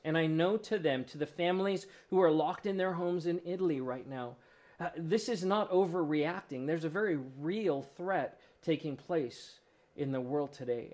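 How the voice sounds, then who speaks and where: Passionate pastor, man with a raised voice. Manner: preaches with rising intensity, then drops soft and low. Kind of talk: sermon.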